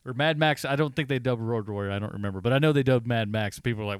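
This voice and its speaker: A man co-hosting a podcast, chatting casually about movies, animated and swearing freely. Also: medium pitch, quick pace, smooth, dry recording, clean studio sound. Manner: animated, swears freely, acts out his reactions. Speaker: podcast co-host. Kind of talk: casual movie review chat.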